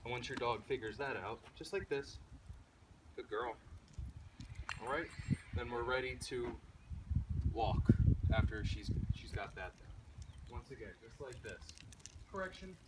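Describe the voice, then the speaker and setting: A man's voice: medium pitch, normal speed. Matter-of-fact male dog trainer outdoors. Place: outdoors on a street walk. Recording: distant outdoor camera audio, traffic noise. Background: passing vehicles and street ambience.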